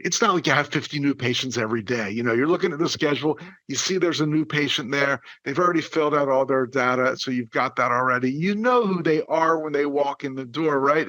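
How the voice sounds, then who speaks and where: A male dental coach hosting a podcast, talking in an energetic, playful way and acting out the lines he quotes. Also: a little high, no room sound. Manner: animated, exaggerated, playful delivery with acted-out quotes.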